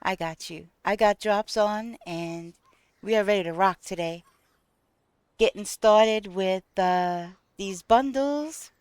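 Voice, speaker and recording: A woman game streamer chatting with her viewers in an unhurried, drawn-out way, her voice smooth and clear. The sound is dry and close, with no room echo. She thanks people and walks through what she is doing in the game, filling pauses with ums. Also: medium pitch, a little mellow. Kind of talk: casual live-stream chat while playing.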